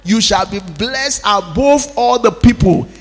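A fervent man preaching with a high voice, chanting prayers and calling out lines for the congregation to repeat. His voice rings with the long reverb of a church hall. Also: lively intonation, measured pace, faint music behind. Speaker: pastor. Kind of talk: sermon with prayer.

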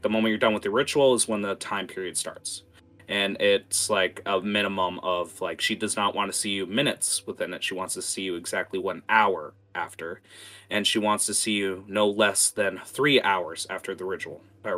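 A man's voice: sits low, normal speed, bright, forceful tone. A man narrating a tabletop game as game master, in a casual, rambling way. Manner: casual, many fillers and restarts.

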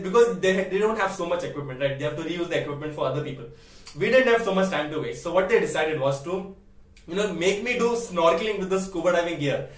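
A man's voice: a little high, echoey room, recorded from a distance. A young man in his late teens telling a story casually as a vlogger, chatty, laughing often and asking "right?" again and again.

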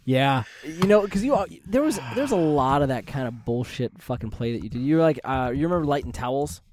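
A man's voice: mid-range voice, animated, brisk, noisy background. A man co-hosting a podcast, telling a story in casual chat, laughing often and swearing freely. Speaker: podcast co-host.

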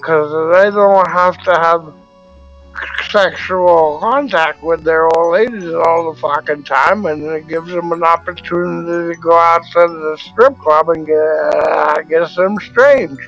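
Guy playing a sleazy clown, high whiny voice, rambly and cussing, slow. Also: creaky, fairly bright tone, highs cut off, soft background music. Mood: rambling. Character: crude sleazy male clown.

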